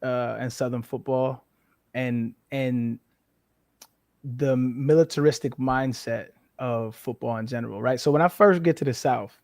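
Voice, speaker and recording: A man in his thirties talks as an interview guest, frank and animated, and he swears freely. His voice sits at a middle pitch. The sound is dry and close to the mic. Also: measured pace, dry recording. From New Mexico, US. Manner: frank, profane, animated storytelling. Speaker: interview guest, former football player. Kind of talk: casual interview chat.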